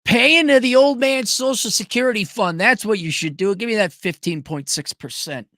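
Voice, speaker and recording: A man's voice: high voice, moderate pace, fairly bright tone, dry recording, studio quality. A man hosting a casual livestream who reads out viewer donations and answers them in a blunt, sarcastic and profane way. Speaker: show host reading viewer donations.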